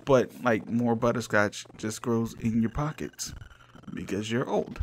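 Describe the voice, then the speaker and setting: A man's voice: mid-range voice, measured pace, slight background noise. A man comically retelling a story in rambling, slang-filled speech with laughing asides. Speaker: comedy game reviewer.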